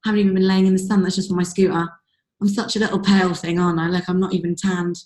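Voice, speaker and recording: A woman's voice: on the low side, flat delivery, fast talker, a little mellow. A woman with a strained voice leading a group video call, giving a rambling, gushing motivational pep talk. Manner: gushing, rambling, lots of likes and ums. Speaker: team leader hosting a group call. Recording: roomy echo on a call.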